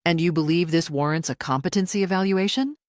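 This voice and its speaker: A woman voicing a male lawyer gently prompting his client's testimony. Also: on the low side, fast, no echo, clean studio sound, natural voice. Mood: smooth. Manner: smooth, prompting, then indignant objecting. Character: sympathetic male lawyer for the family.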